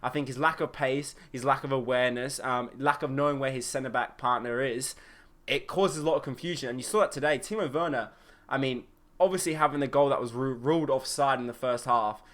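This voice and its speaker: A young man hosting a solo football podcast, excitable and opinionated, with plenty of fillers. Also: medium pitch, fairly quick. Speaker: podcast host. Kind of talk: solo football match review.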